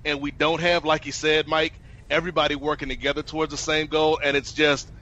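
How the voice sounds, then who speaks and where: Man host, bright forceful voice, slightly high, chatty podcast tone, lo-fi audio. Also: little pitch movement, fairly quick. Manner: conversational, addresses co-host by name. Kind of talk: casual podcast discussion.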